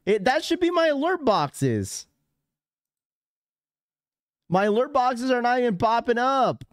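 A man's voice: very high voice, big pitch swings, measured pace, no room sound, clean studio sound. A man hosting a live stream, talking casually and rambling to his chat. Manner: rambling, chatty, talks straight to chat. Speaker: livestream host.

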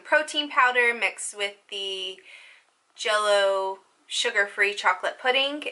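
A woman's voice: on the high side, sharp tone. A young woman with a country accent giving casual, rambling advice to her viewers as a lifestyle vlogger. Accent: Southern US country. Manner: rambling, upbeat, jumps between topics.

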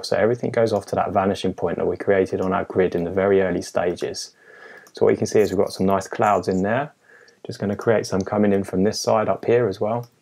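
A man walking through a digital illustration step by step in a relaxed, methodical tutorial voice-over, with frequent pauses and filler sounds. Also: lowish voice, creaky. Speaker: illustrator teaching a design tutorial. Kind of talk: screen-recorded software tutorial narration.

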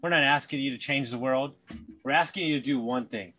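A man's voice: medium pitch, a little fast, noisy background. A male podcast host, fired up and blunt, swearing freely in conversation.

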